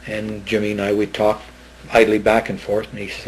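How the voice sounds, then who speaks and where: A man's voice: fairly low pitch, monotone, normal speed, slight background noise, low-quality recording. An older man, recounting a personal experience to an interviewer in a rambling way, with lots of fillers, restarts and repeated phrases. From Northern Ontario, Canada. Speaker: eyewitness interviewee.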